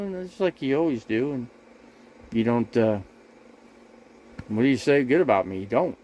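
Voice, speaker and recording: A man's voice: medium pitch, lively intonation, normal speed, long pauses, a little mellow, slight background noise, poor audio. A man hosting a casual livestream from his RV, talking straight to his viewers in a rambling, repetitive and defensive way. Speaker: RV living livestream host. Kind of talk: casual livestream talk to chat.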